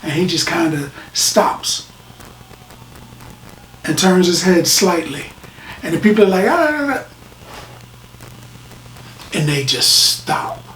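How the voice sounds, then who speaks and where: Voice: mid-range voice, slow pace, pauses often, fairly bright tone. A reviewer talking casually through a show, rambling with restarts and dropping into whispers for emphasis. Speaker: film and TV reviewer. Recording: roomy, distant mic, faint noise.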